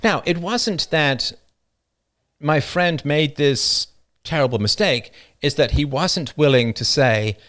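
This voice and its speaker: A man's voice: lively intonation, slow pace, fairly bright tone. A man hosting a livestream, talking passionately and rambling through personal stories, often laughing at them. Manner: passionate, rambling storyteller who laughs at his own stories; acts out quoted people in a higher voice. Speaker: livestream show host. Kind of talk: unscripted monologue on a livestream.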